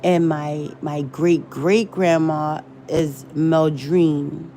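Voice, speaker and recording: A woman's voice: deep voice, fairly even intonation, drawn-out words, warm tone, a little hiss or hum. A woman rambling and searching for words in a casual livestream chat. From American South. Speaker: livestream host.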